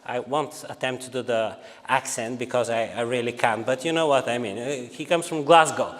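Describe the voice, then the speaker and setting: A man's voice: medium pitch, steady tone, normal speed, big-room sound. A man from Bulgaria with a Bulgarian accent, giving an academic lecture in a hesitant way, with frequent filler sounds.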